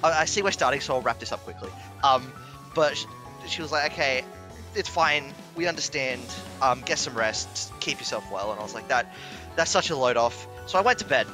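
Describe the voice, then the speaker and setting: A man telling a long personal story in casual chat, animated, swearing and laughing as he goes. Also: mid-range voice, fairly quick, over music. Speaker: stream commentator.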